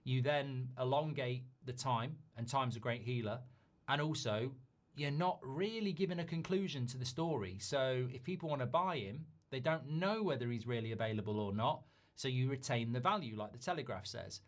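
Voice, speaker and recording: A man giving measured football commentary, reasoning through options with the odd quick aside. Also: mid-range voice. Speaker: football pundit in a played clip.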